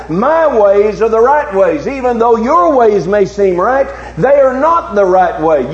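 A male preacher giving a sermon, swinging from low hushed tones to loud, emphatic challenges with repeated rhetorical questions. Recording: echoey, dull recording with faint hum.

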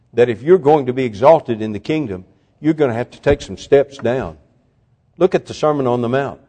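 An older man preaching a sermon, telling stories, swinging from loud and high to hushed. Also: slightly rough. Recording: long hall reverb.

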